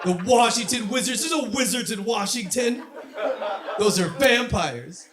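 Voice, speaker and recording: A man from Southern California doing a stand-up comedy set on a club stage, punchy delivery that builds to shouted punchlines. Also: extremely high pitch, expressive, unhurried, a crowd in the background.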